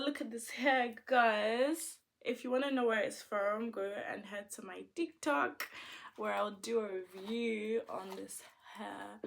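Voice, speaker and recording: A young woman giving a makeup tutorial at home, chatty, murmuring quietly as she applies products and breaking into loud, excited exclamations. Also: medium pitch, slow pace, vocal fry. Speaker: makeup vlogger.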